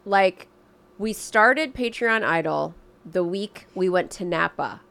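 A middle-aged woman co-hosting a chatty podcast, her nasal voice swinging widely in pitch. She tells stories with energy and jumps up high for the people she quotes. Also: expressive, slow, vocal fry, fairly bright tone. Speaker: podcast co-host. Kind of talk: casual chat.

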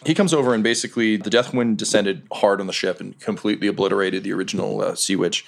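A man running a tabletop role-playing game, narrating scenes in a lively way with frequent fillers. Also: fairly low pitch, fast talker, vocal fry. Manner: lively storytelling with laughs and filler words. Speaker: game master.

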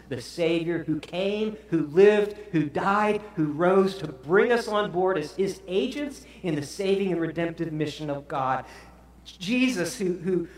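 A man preaches a sermon in a strongly echoing hall, his slightly high voice moving from soft, hushed lines to loud, dramatic ones. He tells his story like a pastor building to a point.

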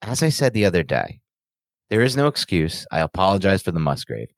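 A man co-hosting a podcast, talking in casual banter that is emphatic and animated, with defensive rants. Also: low voice, a little fast, vocal fry, no room sound. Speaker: podcast co-host.

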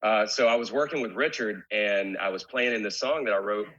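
A man's voice: lowish voice, brisk, a bit bright, slightly rough, highs cut off. A man as a guest in a casual interview, talking candidly and rambling with many restarts. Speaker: guest, rock singer.

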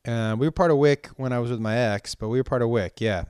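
A man's voice: medium pitch, fast, a little mellow, clean tone, no echo, clean studio sound. A man hosting a podcast, chatting casually through listener questions, drawing out his vowels and rambling with many restarts. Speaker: podcast host; stand-up comedian.

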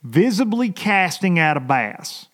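A man hosts a fishing podcast in a casual, exasperated rant. His voice sits high for a man and swings widely in pitch as he tells the story. He talks in a folksy, animated way. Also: unhurried.

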